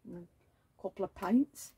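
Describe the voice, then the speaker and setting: Woman vlogger, gravelly and husky, baby-talk cooing with chatty asides. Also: medium pitch, normal speed, mellow. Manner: coos and baby-talks, chatty gossiping asides. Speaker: reborn doll vlogger. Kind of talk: casual chat while dressing a doll.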